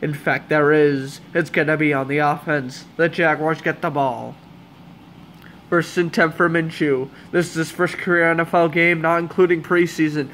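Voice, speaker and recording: A young man calling a football game as a fan commentator, hoarse and under the weather, with sarcastic, exasperated asides. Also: fairly high pitch, steady tone, normal speed, fairly bright tone, slight background noise. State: hoarse, voice giving out. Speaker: amateur play-by-play commentator.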